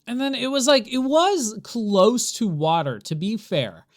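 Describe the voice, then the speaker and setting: Streamer rambling to chat mid-game, super animated voice, kinda annoyed, laughs a lot. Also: mid-range voice, a little slow. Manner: exasperated, rambling, talks to chat while playing; laughs often. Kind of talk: live gameplay stream chat.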